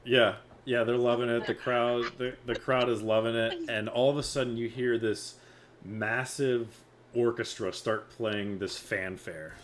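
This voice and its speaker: A man narrating a tabletop game as game master, slow and unhurried, with many fillers. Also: medium pitch, steady tone, slight background noise.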